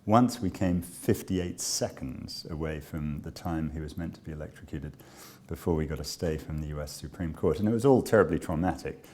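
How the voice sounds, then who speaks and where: Low voiced guy, charity director, telling a story slow and understated, lots of pauses and ums. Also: a little mellow. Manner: measured, understated, with frequent pauses and fillers. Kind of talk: reflective personal storytelling.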